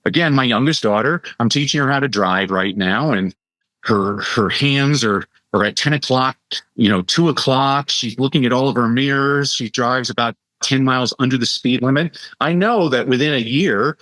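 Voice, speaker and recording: Animated man telling stories, dry sound. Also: medium pitch, no room sound. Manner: animated storyteller, quick asides and impressions. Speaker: guest, educator and keynote speaker. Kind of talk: conversational podcast interview.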